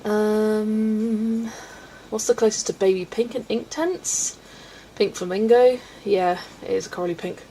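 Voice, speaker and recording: A woman's voice: medium pitch, steady tone, a little slow, dark tone, a little hiss or hum, low-quality recording. A young woman chatting casually on a colouring livestream, answering chat and laughing often. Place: home room.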